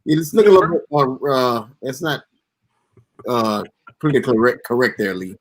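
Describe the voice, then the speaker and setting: A man's voice: medium pitch, expressive, a little fast, no echo. A man in a casual live show chat, talking bluntly in a rambling way with false starts.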